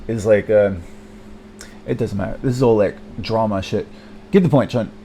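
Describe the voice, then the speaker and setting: A man's voice: fairly low pitch, moderate pace, dark tone, a little hiss or hum. Hesitant young man rambling alone. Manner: hesitant, many fillers and restarts, self-deprecating, swears often. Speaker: vlogger. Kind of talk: rambling personal monologue.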